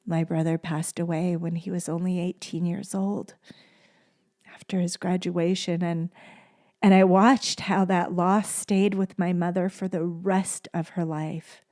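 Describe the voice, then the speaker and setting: A woman hosting a podcast, speaking in a gentle, soft-spoken and tender way and repeating phrases for emphasis in a heartfelt solo monologue. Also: lowish voice, flat delivery, measured pace. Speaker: podcast host.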